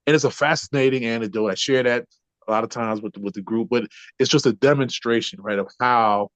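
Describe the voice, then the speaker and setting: Speaking fairly quickly in a mid-range, slightly bright voice, this man is a trainer appearing as a podcast guest. He lays out ideas casually, repeatedly checking in with a "right?", and the dull lo-fi audio is dry with no echo.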